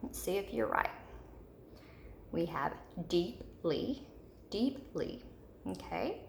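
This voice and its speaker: Woman teacher, low gravelly voice, patient repetitive explaining, roomy echo, faint hum. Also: huge pitch swings, a little slow. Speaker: third grade teacher. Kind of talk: recorded video lesson.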